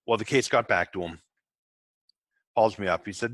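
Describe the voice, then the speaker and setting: A man hosting a podcast for tax professionals, telling candid work stories in a casual way, cursing now and then and acting out quick exchanges with his clients. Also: on the low side, a bit bright, no echo. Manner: candid, swears, acts out clients in quick asides. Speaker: tax resolution podcast host. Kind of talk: casual storytelling to fellow practitioners.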